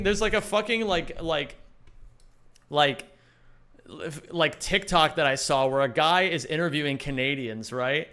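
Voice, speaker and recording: A man's voice: on the high side, measured pace, pushed and bright, smooth. A young man live-streaming a game, chatting casually and rambling, swearing often and reading chat aloud.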